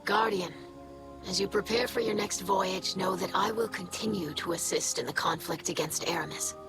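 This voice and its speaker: An actress voicing an earnest young alien woman who gives mission support, speaking calmly and formally. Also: medium pitch, close to an everyday voice. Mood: resolute. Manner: calm, formal, measured speech. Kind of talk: game dialogue. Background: game music.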